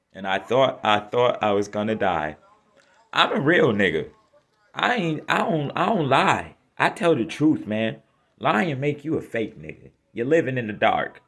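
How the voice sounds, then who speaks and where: A man telling a personal story in a vlog, blunt and profane, swinging from loud emphasis to shaken, subdued talk. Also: fairly low pitch, creaky.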